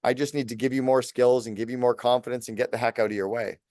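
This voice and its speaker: A man in his late fifties, a business coach speaking as a podcast guest, talking fast and energetically in long lists. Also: medium pitch, fairly even intonation, a little mellow, no echo, clean studio sound. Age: 50s. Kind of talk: podcast interview.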